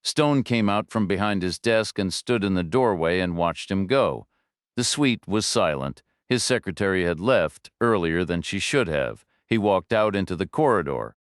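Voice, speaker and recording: A man narrating a thriller audiobook in a measured, even storytelling manner. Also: low voice, no room sound, clean studio sound.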